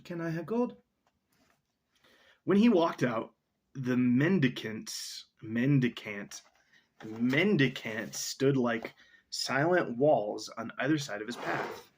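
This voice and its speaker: A man's voice: medium pitch, lively intonation, takes it slowly, slight background noise. A young man casually reading a story aloud, rambling off into asides and dictionary look-ups.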